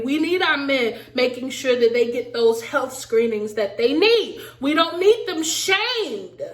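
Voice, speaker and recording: A woman with a fairly high voice recaps reality TV in a lively, sassy way, talking straight to her viewers. The room around her is echoey. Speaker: recap vlogger. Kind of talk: casual TV recap commentary.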